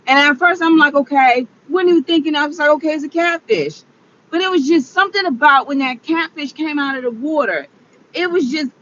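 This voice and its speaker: Tearful high-voiced woman vlogging. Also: fairly bright tone, a little hiss or hum. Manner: exclamatory, rambling, repeats herself. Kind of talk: emotional confessional vlog. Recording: dull lo-fi recording.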